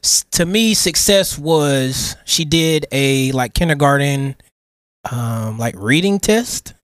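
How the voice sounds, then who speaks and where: Animated storytelling man, dry mic. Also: on the high side, slow pace, dry recording. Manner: animated storytelling, slangy, gets emotional. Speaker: podcast co-host. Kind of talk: casual chat.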